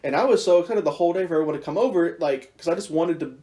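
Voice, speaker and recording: A teenage man hosting a podcast, chatting in a rambling, animated way and joking at his own expense. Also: a little high, racing. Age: teens. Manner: rambling, animated, self-mocking. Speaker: podcast host. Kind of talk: casual chat.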